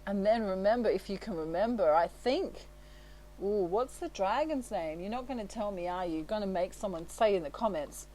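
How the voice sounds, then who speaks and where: A woman's voice: mid-range voice, expressive, fairly quick, dark tone, a little hiss or hum, rough recording. Chatty woman giving a tarot reading. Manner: chatty and reassuring, laughs often; leans on tags like "right?" and "you know". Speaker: tarot reader. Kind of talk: casual spoken tarot reading.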